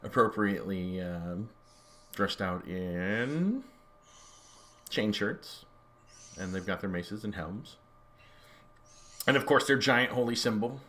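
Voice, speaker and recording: A man's voice: on the low side, expressive, slow, pauses often, pushed and bright. A man narrating a tabletop game as game master, rambling with fillers and joking with the players. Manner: rambling, many fillers, jokey.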